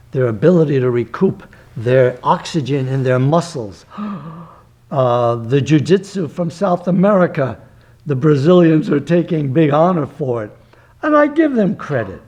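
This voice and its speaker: An older man, a martial arts grandmaster, talking emphatically and digressively in an interview, with breathy gasps between phrases. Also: a little high, darkish tone. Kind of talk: reflective interview talk.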